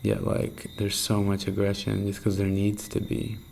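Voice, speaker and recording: Young male vlogger, low gravelly voice with a flat, dark tone, rambling and intense, faint hiss under him. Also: moderate pace, poor audio. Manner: rambling, intense, swears a lot, drops to hushed half-whispers. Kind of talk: candid late-night video diary.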